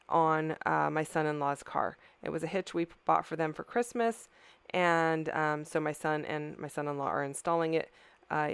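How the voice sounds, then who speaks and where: A tired middle-aged woman hosts a craft channel, casually narrating how she does her scrapbooking. She rambles a little, corrects herself and apologizes, in a lowish, clean-toned voice on a dry recording.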